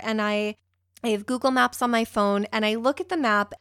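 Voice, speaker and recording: A woman's voice: a little high, normal speed, fairly bright tone, no room sound, clean studio sound. A young woman telling a personal story in a rambling, emotional way, with a few swear words.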